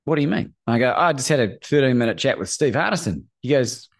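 A middle-aged man, a guest on a podcast, telling a story in a lively way, acting out the people he quotes and often asking "right?". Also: mid-range voice, fast talker, creaky. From Australia. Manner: acts out quoted voices, often asks "right?". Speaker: guest, courage coach. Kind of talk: animated storytelling in a podcast interview.

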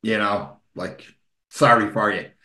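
A man's voice: on the low side, a little slow, bright, forceful tone. Blunt man talking in a roomy space. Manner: blunt, sweary, teasing. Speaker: podcast co-host. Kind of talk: casual chat. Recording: roomy echo.

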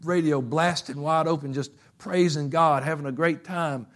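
A man preaching a fervent sermon, telling stories and swinging from loud bursts to hushed passages. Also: a little high, steady tone, normal speed.

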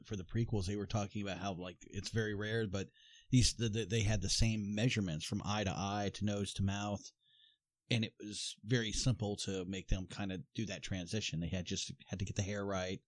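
A man in casual chat with a friend, halting and thinking aloud as he talks. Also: lowish voice, fairly even intonation, no room sound.

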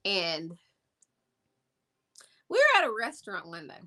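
Animated woman telling a story. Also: mid-range voice, unhurried. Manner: animated, emphatic, repeats words for effect. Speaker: guest. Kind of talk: personal storytelling in conversation.

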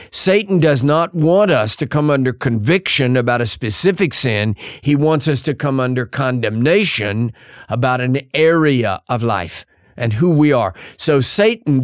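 A man preaching a sermon in an earnest voice, pausing for effect and quoting scripture in old-fashioned wording. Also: mid-range voice, dry recording, clean studio sound.

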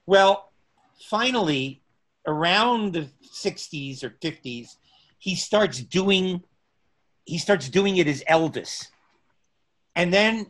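A middle-aged man spinning a long anecdote in conversation, taking his time. His voice sits a bit high for a man, and he drawls along slowly, stopping and restarting his phrases as he thinks. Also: a bit bright. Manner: unhurried, pausing often, restarting phrases. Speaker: guest recounting stand-up comedy memories. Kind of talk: conversational storytelling.

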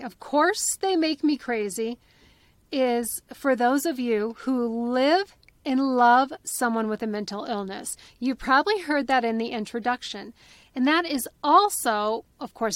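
A woman's voice: fairly high pitch, a bit bright, no room sound. A woman in her forties hosting a podcast in a casual, candid solo talk, laughing often and swearing lightly. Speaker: podcast host.

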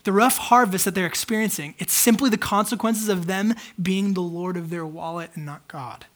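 Man, pastor, high-pitched, casual sermon, candid, chatty with fillers. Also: normal speed, a bit bright. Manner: conversational, candid, many fillers.

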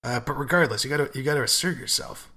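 A man co-hosts a podcast in easygoing chat. His voice is mid-pitched, with a bright, forceful edge. He speaks bluntly, swears freely, and rambles with fillers. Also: fast talker, breathy edge. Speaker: podcast co-host. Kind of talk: casual advice chat.

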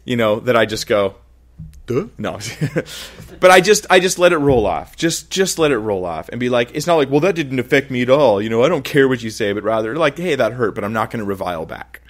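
A man's voice: mid-range voice, brisk. Man preaching in a conversational sermon. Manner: conversational, animated, with quoted asides and laughs. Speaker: pastor.

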